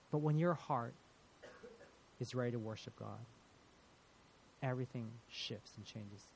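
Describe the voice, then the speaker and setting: A man's voice: mid-range voice, vocal fry. A man preaching a sermon as pastor, earnest and prayerful, often repeating words as he speaks.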